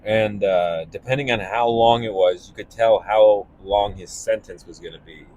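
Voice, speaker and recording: A young man, a stand-up comedian, talking casually and animatedly while driving, breaking into laughs and quick voices. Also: lowish voice, dull audio. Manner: animated, laughing, jumping into impressions. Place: car.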